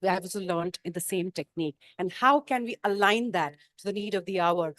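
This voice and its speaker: A woman's voice: lowish voice, fairly quick, few pauses, fairly bright tone. Indian woman musician giving a stage talk. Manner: emphatic, rhetorical questions, sings note names. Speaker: musician speaking at a business summit. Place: conference stage.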